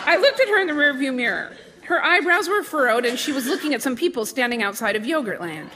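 A woman telling a comic story as a guest on a live radio show, in a wry, deadpan manner. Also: on the high side, fairly quick, few pauses, some chatter behind. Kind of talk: comic storytelling monologue before a live audience. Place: theater stage with a live audience. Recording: live theater with long hall reverb, audience laughter and noise.

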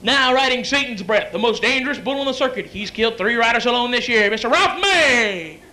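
A man's voice: very high-pitched, lively intonation, sharp tone, voice pushed down, heavily acted, rough recording. A man playing a male rodeo arena announcer who stretches out his words. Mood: announcing. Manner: drawn-out announcer delivery.

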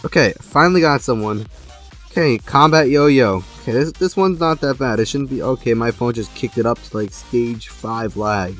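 A young man giving gameplay commentary, excitable, jumping from loud outbursts to low mumbling. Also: moderate pace, faint music behind. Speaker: gaming YouTuber.

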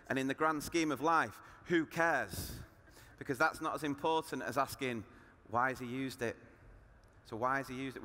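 Bright-voiced teacher in a big hall. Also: male voice, mid-range voice. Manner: animated, with rhetorical questions. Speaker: primary school teacher giving a conference talk. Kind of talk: lively presentation to teachers.

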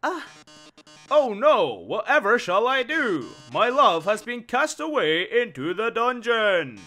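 A man voicing a flamboyant male robot game-show host with a melodramatic, drawn-out sarcastic delivery. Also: extremely high pitch, sing-song, bright, forceful tone, soft background music, exaggerated voice. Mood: mock-tragic.

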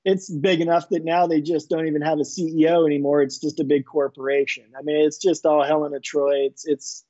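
A middle-aged man, an inventor and entrepreneur, telling stories in a casual interview with a relaxed, rambling delivery full of restarts. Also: a little high, brisk, dry recording, lo-fi sound.

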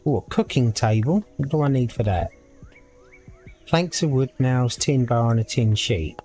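A man's voice: medium pitch, lively intonation, moderate pace, warm tone, soft background music. A man casually commenting on a game as he plays, thinking aloud and reading the on-screen text. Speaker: gaming video creator. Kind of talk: casual let's-play commentary.

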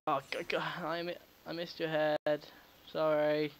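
Here the gaming video host speaks on the high side, slowly and with flat delivery, in a low-quality recording. Still, the commentary from his home setup is casual and jokey, with replies to the characters and the odd swear word.

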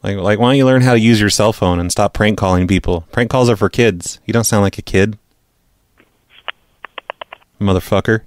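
A man's voice: on the low side, moderate pace, pauses often. A man hosting a prank call podcast, talking casually with dry, sarcastic teasing.

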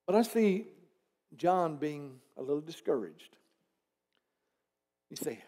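A man's voice: fairly high pitch, lively intonation, a little slow, pauses often, dark tone. A man pastor preaching a conversational sermon in church, asking the congregation rhetorical questions and dropping teasing asides.

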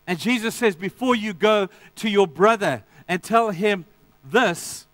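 A man preaching a sermon in a high, light voice. He rises to emphatic declarations and then drops to quiet, intense asides, talking straight to his congregation. The sound is close and dry, with little room around it. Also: measured pace, no echo. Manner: addresses the congregation directly. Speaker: pastor.

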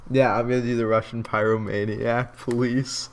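A man's voice: medium pitch, little pitch movement, moderate pace. Young man chatting on a game stream. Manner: joking, laughs often. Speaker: let's play co-host. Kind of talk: casual livestream chat.

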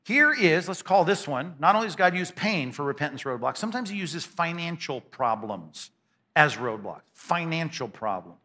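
Animated, bright-voiced preacher man. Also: on the high side. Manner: emphatic, conversational, with quick stammered repeats. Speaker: pastor. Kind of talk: sermon. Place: church sanctuary before a congregation.

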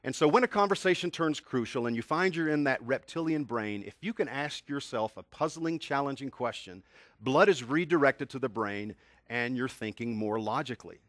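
Fifties guy from tennessee giving a motivational talk, lively storyteller, dry close sound. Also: medium pitch, normal speed, dry recording. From Tennessee, USA. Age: 50s. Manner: animated storyteller, asks the audience questions. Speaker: communication skills speaker.

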